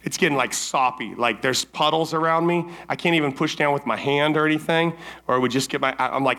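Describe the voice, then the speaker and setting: Bright-voiced man telling a camp story. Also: a little high, fairly quick. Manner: animated, acts out his own quoted lines; casual, many fillers like "like" and "right?". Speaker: camp evening speaker. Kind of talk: storytelling sermon to teens.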